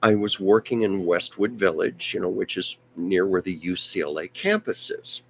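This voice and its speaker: A man hosting a live stream tells a rambling, anecdotal story with frequent asides and restarts. His low voice is animated yet strained, fading in and out at a moderate pace, with a little hiss or hum.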